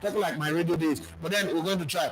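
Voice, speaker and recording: Young Nigerian-accented man, high voice, football live-stream host, emphatic and argumentative. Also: steady tone, fast, slight background noise, low-quality recording. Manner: emphatic, argumentative, slips into pidgin. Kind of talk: live-stream football talk and comment reading.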